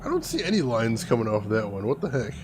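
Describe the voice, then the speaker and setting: Excitable man with a lively voice. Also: mid-range voice, quick pace, noisy background. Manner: excitable, jumpy exclamations. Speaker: gaming streamer. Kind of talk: casual let's-play commentary.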